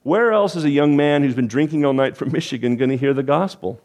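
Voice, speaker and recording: A middle-aged man preaching as a pastor, telling a personal story and acting out the quotes before closing in prayer. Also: a little fast. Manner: animated storytelling, acts out quotes with pitch jumps.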